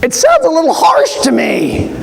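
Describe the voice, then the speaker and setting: A male pastor preaching a sermon in a church, telling the story in an animated way with quoted voices. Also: very high voice, normal speed, vocal fry, slight background noise.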